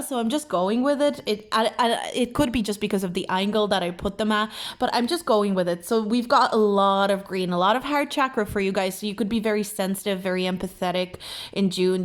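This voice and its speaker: A young woman giving a pick-a-card tarot reading, talking in a gentle, encouraging, effusive way with many fillers. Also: mid-range voice.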